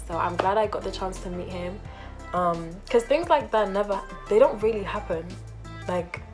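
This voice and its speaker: A young woman telling a storytime vlog, animated and acting out quotes in different voices. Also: on the low side. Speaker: vlogger.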